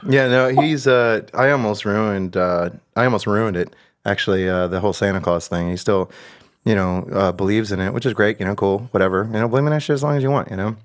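A man's voice: on the low side, brisk. A man chatting casually over a video call, telling rambling family stories with lots of laughter and restarts. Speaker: podcast co-host, father. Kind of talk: casual storytelling chat.

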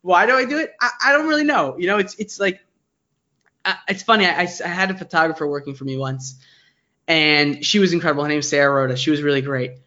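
A young man with a New York accent talks fast and high, an excitable interview guest who rambles and restarts his sentences. The audio is dull and lo-fi. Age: 20s. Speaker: guest, digital agency founder. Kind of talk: casual interview chat.

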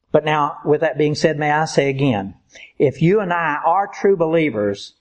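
A man preaching a sermon in an earnest, emphatic way, slowing down to stress key points. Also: on the high side, darkish tone.

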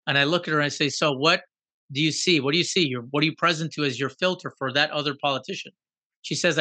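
A man telling a story in a lively talk, with a bright, forceful voice pitched a little high. He throws out rhetorical questions as he goes. The sound is close and dry. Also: quick pace, dry recording. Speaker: guest. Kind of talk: conversational storytelling.

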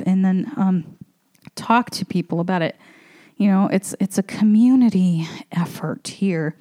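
A woman's voice: on the low side, measured pace, warm tone. A woman, a comedian, talking in a loose, rambling way with lots of fillers and the odd swear word, a little out of breath as she walks around her apartment. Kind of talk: casual spoken monologue.

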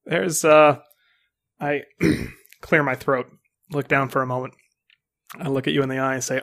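A man playing a tabletop game, lively and playful as he describes his character. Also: mid-range voice, normal speed, gravelly, long pauses. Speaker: player. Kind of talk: casual tabletop game play.

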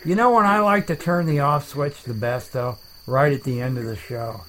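A man hosting a comedic chat show, rambling deadpan and making up silly words. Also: medium pitch, normal speed, low-quality recording. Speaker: podcast host.

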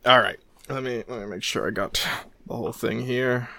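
A man co-hosting a podcast, reading listener fan fiction in a mock-serious, deadpan way. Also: medium pitch, moderate pace, creaky, dry recording. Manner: deadpan, breaks into laughter. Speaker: podcast co-host.

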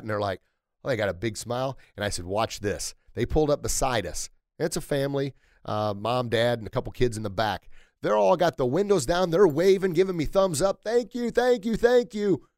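A middle-aged man telling motivational stories to his listeners, swinging from easy chat up to loud, emphatic high points. His voice sits at an ordinary pitch for a man. The sound is dry and close, with no room around it. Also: dry recording. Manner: energetic storytelling, rising to loud emphatic peaks. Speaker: podcast host. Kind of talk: motivational solo podcast talk.

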